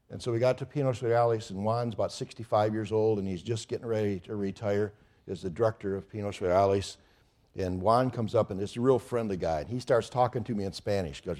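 Mellow-voiced man preaching a sermon. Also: fairly low pitch. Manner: storytelling, animated with rising excitement. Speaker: pastor.

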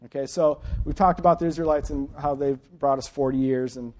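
A man's voice: mid-range voice, fairly even intonation, brisk, a little mellow. A man in his late thirties preaching an informal sermon, folksy and chatty, often checking in with his listeners. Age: late 30s.

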